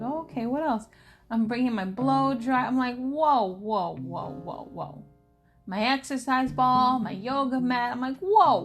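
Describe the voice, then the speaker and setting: Animated woman vlogging over music. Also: fairly high pitch. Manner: animated storytelling, acts out quoted friends. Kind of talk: casual chat to camera. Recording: music playing behind her voice.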